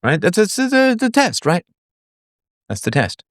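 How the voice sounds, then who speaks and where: A man's voice: high-pitched, unhurried, no echo, studio quality. A middle-aged man hosting a live call-in talk show, talking casually and acting out quoted voices as he goes. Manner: animated, acts out quoted voices, sings snatches. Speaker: podcast host. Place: online audio space.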